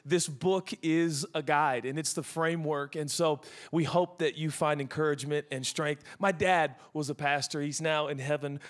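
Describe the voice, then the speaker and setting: A man in his forties preaches as a guest pastor to a church congregation. His voice sits somewhat high for a man. He keeps it light and joking, with plenty of fillers and restarts. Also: fairly bright tone. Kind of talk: sermon. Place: large church auditorium.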